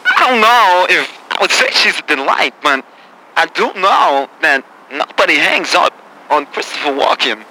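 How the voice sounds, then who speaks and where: A deadpan male film actor with a high, lively, bright voice, put on by a man, breaking his sentences into odd halting pieces. Faint noise hangs underneath. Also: heavily acted, rough recording. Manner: halting, oddly paced phrasing. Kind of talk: improvised comedy impression.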